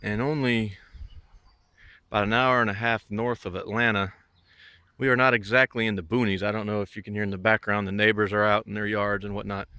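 A man's voice: fairly low pitch, sharp tone, no room sound. A middle-aged man from the American South giving a rambling, casual walking tour of his homestead outdoors, with many fillers and restarts. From Southern United States. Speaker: homesteader vlogger.

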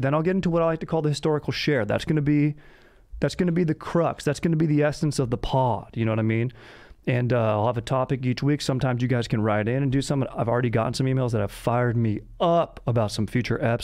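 A man's voice: mid-range voice, a little mellow, no echo, clean studio sound. A young man hosting a podcast in a casual, rambling comedic monologue, full of laid-back surfer-bro slang. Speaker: podcast host.

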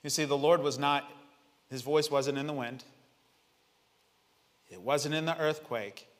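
A man preaching in a church sanctuary, his voice sitting a little high for a man. He reads scripture with drama, rising to loud declarations and dropping to near hushes. A long hall reverb trails each phrase. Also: steady tone, a little slow. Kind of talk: sermon.

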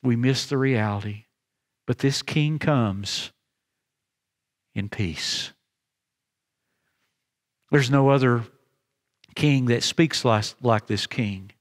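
A man preaching a sermon as pastor, earnest, with halting restarts, slowing down for emphasis. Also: mid-range voice. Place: chapel. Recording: long reverb in a chapel.

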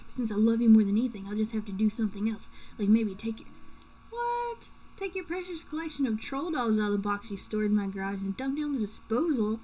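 A lovesick, possessive young man pours out his letters, as a woman reads them aloud with mock drama. The tone is mellow, sitting a little high. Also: fast, few pauses, slight background noise, natural voice, rough recording.

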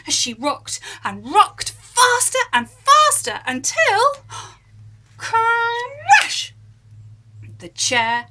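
A woman reading a children's story aloud, expressive and dropping at times to a whisper. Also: very high-pitched, drawn-out words, very noisy.

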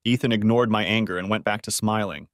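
A man's voice: fairly low pitch, steady tone, fairly quick, no room sound, clean studio sound. A man narrating a first-person story as an audiobook, lightly voicing the characters.

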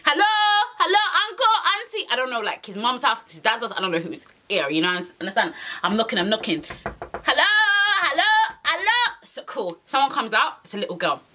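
A young woman telling a storytime to camera in an animated, exasperated way, repeating her phrases and using slang. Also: mid-range voice, fast, hardly any pauses. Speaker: vlogger. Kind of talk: storytime monologue.

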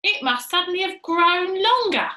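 A woman reading aloud puts on a fussing old woman with a shrill, high voice that climbs far above the narration and comes out loud and drawn-out. The words ring in an echoey room. It is storybook reading for children. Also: wildly swooping pitch, full character voice. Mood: puzzled.

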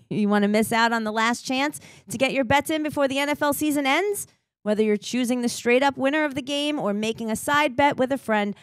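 A woman reads a sponsor spot with upbeat energy, stumbling a little as she goes. Her voice sits a bit high. The sound is dry and close. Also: no echo. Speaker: co-host reading an ad. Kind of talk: ad read.

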